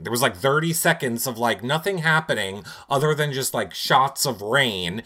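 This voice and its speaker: A man co-hosting a relaxed recap chat, telling each scene with animated, theatrical flair. His tone is bright and sharp-edged, and his delivery jumps into playful voices. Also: medium pitch, normal speed, few pauses. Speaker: podcast co-host. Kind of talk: casual chat.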